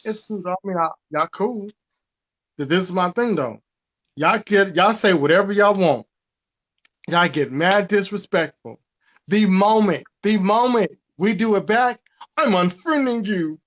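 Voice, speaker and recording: A man's voice: high voice, a little slow. A man, ranting with profanity in a casual podcast talk. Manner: animated, profane, preachy. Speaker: podcast host. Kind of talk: casual rant.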